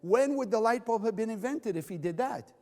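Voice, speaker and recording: A man's voice: high-pitched, fairly quick, long reverb tail. A man teaching Kabbalah to a live audience, asking them questions and acting out the voices in people's heads. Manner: animated, acts out inner voices, asks the audience questions.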